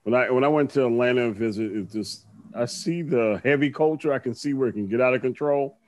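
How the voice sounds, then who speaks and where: A man co-hosting a podcast, telling stories in a halting, hesitant way. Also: mid-range voice, no room sound, clean studio sound. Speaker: podcast co-host. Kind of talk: casual podcast banter. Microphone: studio mic.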